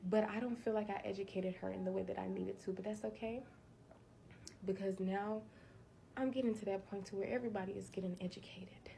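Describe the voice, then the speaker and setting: A woman's voice: medium pitch, steady tone, fairly quick, creaky, mellow, a little hiss or hum. A woman speaking her mind in an earnest, conversational monologue, preachy at times, like a social media creator talking to her followers. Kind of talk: candid monologue to camera.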